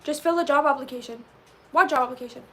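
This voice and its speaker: A woman in her twenties chatting casually with live viewers and answering them as she reads chat, animated and peppered with "like". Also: high-pitched, fast talker. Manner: chatty and animated, says "like" often. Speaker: livestreamer reading chat.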